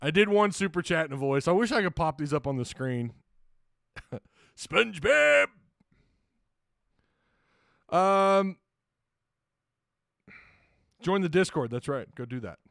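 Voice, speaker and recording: A male sports talk host who rambles and chuckles his way through a casual livestream. His voice sits a bit high for a man, and the sound is dry and close, with no room echo. He pauses for sponsor reads and viewer comments. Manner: rambling, chuckling often, self-deprecating.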